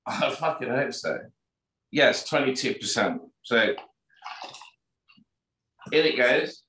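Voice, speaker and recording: A man's voice: mid-range voice, lively intonation, slow, bright, forceful tone, reverberant, rough recording. A man co-hosting a casual show, offhand and swearing casually. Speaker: podcast co-host. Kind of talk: casual chat.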